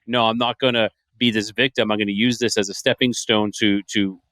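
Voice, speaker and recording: A man's voice: lowish voice, little pitch movement, fairly bright tone, dry recording. A man hosting a podcast interview, talking casually with frequent stammers and restarts. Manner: halting, stammers and restarts, praising the guest. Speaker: podcast host.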